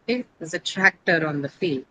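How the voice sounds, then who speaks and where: A woman's voice: fairly low pitch, expressive, brisk. A woman teacher leads a pronunciation lesson in a classroom, asking her students questions as she goes. She explains each point step by step, hesitates on fillers and corrects her own slips. A faint hum of ambience sits behind her voice.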